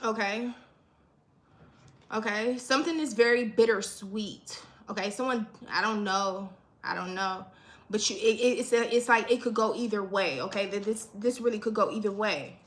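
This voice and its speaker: A woman's voice: medium pitch, normal speed, a bit bright. A woman giving a casual livestream reading, talking loosely and profanely and ending almost every line with "okay?". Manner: repetitive, keeps asking "okay?", profane. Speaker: livestream tarot reader.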